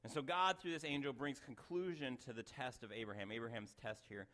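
Middle-aged male pastor, casual sermon delivery, rambling asides, mid pitch. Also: fairly even intonation, a little fast, bright, forceful tone. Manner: conversational, self-interrupting, chuckles at own asides.

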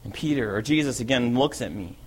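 Here a man voices the apostle Peter in a dramatic first-person monologue, an eager, impulsive disciple whose lively storytelling speeds up and builds as he gets excited. His medium-pitched voice is a little fast, slightly rough, and lightly acted.

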